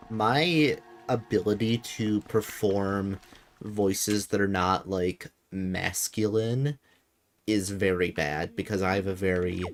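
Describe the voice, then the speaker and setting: Deep-voiced Midwestern man chatting while gaming. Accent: Midwestern American. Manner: hesitant, filler-heavy, self-deprecating. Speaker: streamer. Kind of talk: casual gameplay commentary.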